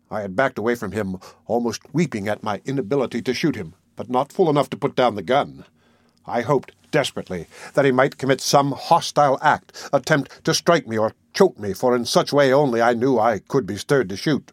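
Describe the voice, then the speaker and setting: A man giving steady, deliberate first-person narration of an audiobook. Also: mid-range voice, no room sound, studio quality.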